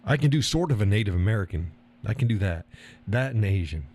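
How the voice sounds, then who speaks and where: A man with a fairly low voice hosts a casual live stream, chatting to viewers. His talk is folksy and meandering, often broken up by chuckles. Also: animated, quick pace, a little mellow. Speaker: live-stream host reading viewer chat.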